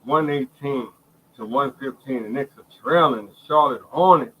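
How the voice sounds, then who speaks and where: A middle-aged Brooklyn man hosts a fan watch-along of a basketball game, giving emotional, heated live commentary, repeating himself and addressing his viewers directly. His mid-range voice is a bit bright and moves at a normal speed. The rough recording carries a little hiss or hum.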